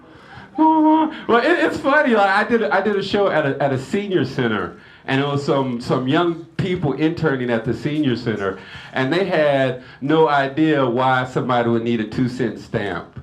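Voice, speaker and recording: A man doing a stand-up comedy set at a lodge, telling family stories, acting out the people in them with shouts and laughing at his own jokes. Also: fairly high pitch. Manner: animated storytelling, acting out family members in shouted bits. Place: lodge hall before a live audience.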